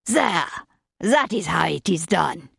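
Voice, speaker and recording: A woman voicing a forceful, exacting male chef with a French accent, slow and brisk in turn. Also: lowish voice, big pitch swings, creaky, breathy edge, no echo, clean studio sound, exaggerated voice. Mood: impatient, commanding. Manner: brisk, commanding.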